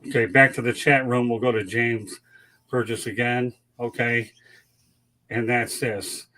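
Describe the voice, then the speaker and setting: Raspy, bright-voiced sports show host. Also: male voice, mid-range voice, level tone, a little slow, low-quality recording. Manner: upbeat, joking, reading out stats.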